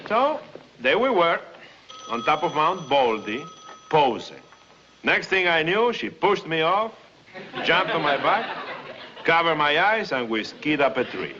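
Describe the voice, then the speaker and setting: A suave, charming film star with a Spanish accent, polite and amused. His delivery rises and falls with lively swings. The muffled old TV soundtrack has heavy hiss. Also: on the high side, a little slow, pauses often. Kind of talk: 1950s sitcom acting.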